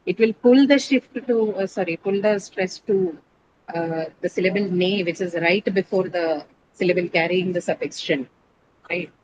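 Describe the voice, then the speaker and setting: A woman's voice: on the low side, moderate pace, lo-fi sound, background noise. A woman teacher lecturing an online English class, explaining step by step and correcting students patiently.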